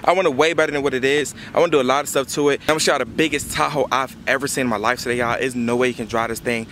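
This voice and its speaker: Fast-talking man vlogging. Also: medium pitch, steady tone, fairly bright tone, slight background noise. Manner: fast-talking, says y'all a lot. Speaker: truck vlogger. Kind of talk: casual vlog talk to camera.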